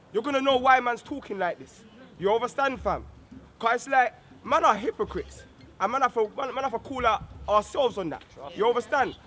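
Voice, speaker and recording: A man's voice: high voice, a bit bright. Earnest man preaching respect. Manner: earnest, repetitive, full of street slang. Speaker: community speaker. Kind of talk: street gathering speech. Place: outdoors at a street gathering.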